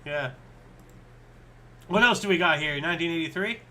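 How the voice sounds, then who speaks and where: High, bright chatty man. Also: moderate pace. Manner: rambling, chatty, thinks aloud. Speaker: co-host. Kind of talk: casual history chat.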